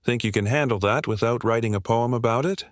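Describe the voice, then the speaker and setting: A man voicing a loud, rude male diner from Texas who mocks and complains. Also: medium pitch, brisk, no echo, studio quality, close to an everyday voice. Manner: brash, mocking, complaining.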